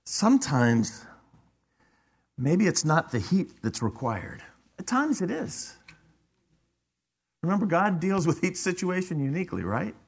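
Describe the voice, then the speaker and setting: A man's voice: high voice, very animated, a little slow, creaky, pauses often, slightly rough. A man preaching a sermon as a pastor, emphatic and often repeating words as he drives a point home. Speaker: father.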